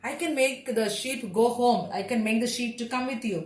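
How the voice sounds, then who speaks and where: A woman voicing a kindly, helpful little rabbit in a children's story, with a gentle, reassuring manner. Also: a little high, fast, roomy sound, lightly acted.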